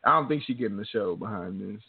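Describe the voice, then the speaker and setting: A man's voice: fairly low pitch, animated, quick pace, creaky, breathy edge. A man co-hosting a casual podcast, rambling with lots of filler words. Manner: rambling, many "like" and "you know" fillers. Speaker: podcast co-host. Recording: tinny phone-like sound.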